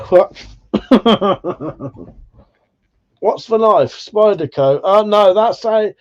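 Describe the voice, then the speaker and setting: A man with a slightly high voice talks casually to his stream viewers. He sounds tired and laid-back and swears often. The audio is a little dull and lo-fi. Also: animated, extremely slow, pauses often, darkish tone. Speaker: livestream host. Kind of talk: casual live chat.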